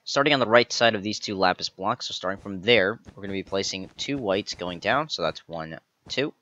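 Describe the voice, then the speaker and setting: Bright-voiced man counting blocks aloud. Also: low-pitched, lively intonation, fairly quick, lo-fi sound. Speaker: tutorial host. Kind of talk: step-by-step game tutorial voice-over.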